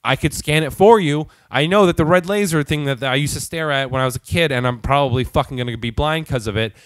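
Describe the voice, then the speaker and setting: A man's voice: a little high, fast, no echo. Swearing man ranting a comic story. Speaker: show host. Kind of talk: profane comic rant.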